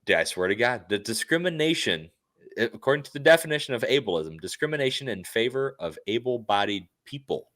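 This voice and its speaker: A man's voice: medium pitch, animated, fairly quick, fairly bright tone. A man co-hosting a casual podcast who asks incredulous, questioning things. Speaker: podcast co-host.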